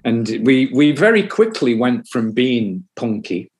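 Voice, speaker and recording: An older man, a musician telling anecdotes at his own loose, rambling pace. His voice sits at an ordinary middle pitch, and he swears freely as the stories roll on. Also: very animated, measured pace. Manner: rambling anecdotes, frequent swearing, acts out other people's voices. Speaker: musician guest. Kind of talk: casual storytelling interview.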